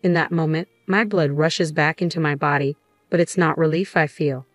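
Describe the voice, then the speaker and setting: A woman reading a first-person story in an even, measured way. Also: low-pitched, dry recording, faint music behind. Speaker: narrator.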